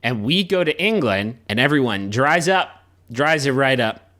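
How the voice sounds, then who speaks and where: A man's voice: medium pitch, lively intonation, a little slow, pushed and bright. A man co-hosting a comedy podcast who cuts in bluntly with crude jokes. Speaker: podcast co-host.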